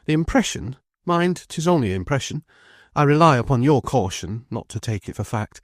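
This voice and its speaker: A man voicing a brisk, decisive middle-aged defence lawyer who speaks quickly and with emphasis. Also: mid-range voice, very animated, no room sound, studio quality, pitched above the performer's own voice.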